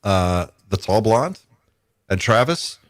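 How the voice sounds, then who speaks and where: A man's voice: on the low side, sing-song, takes it slowly. A man co-hosting a podcast who chats casually and hesitates a lot, restarting his sentences. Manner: hesitant, full of restarts and asides. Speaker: podcast co-host. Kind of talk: casual chat.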